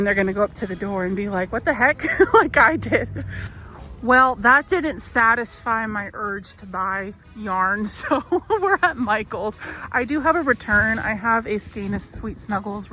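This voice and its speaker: A woman vlogging casually while she walks through a craft store on her phone, chatty and a little wistful, with soft laughs now and then. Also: mid-range voice, moderate pace. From United States. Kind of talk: casual shopping vlog chat. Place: inside a large craft store. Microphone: phone held while walking.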